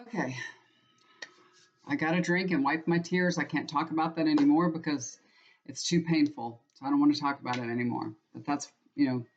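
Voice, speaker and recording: A woman's voice: low voice, fairly quick. Rambling woman, muffled recording. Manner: rambling, heartfelt, full of restarts. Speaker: tarot reader and channel host. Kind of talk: casual personal chat to viewers.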